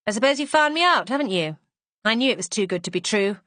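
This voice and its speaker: A woman's voice: medium pitch, expressive, fast, a bit bright, dry recording, close to an everyday voice. A woman voicing a self-assured young woman caught in a theft, speaking frankly with a defiant edge.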